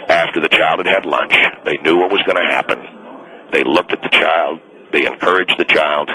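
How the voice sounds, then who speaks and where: A man's voice: extremely low pitch, moderate pace, pushed and bright, rough recording. A man playing an indignant, fired mall Santa on a radio call-in, stubborn and self-righteous, rambling with restarts. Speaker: caller.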